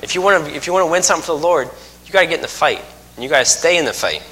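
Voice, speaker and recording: Bright-voiced preacher man. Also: fairly high pitch, animated, rapid-fire. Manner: folksy, joking asides, emphatic repetition. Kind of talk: sermon.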